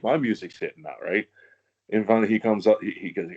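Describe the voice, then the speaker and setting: A man's voice: fairly low pitch, fast talker, mellow, slightly rough, lo-fi sound. A man, a former wrestler, telling stories in a casual podcast chat, laughing often and swearing freely.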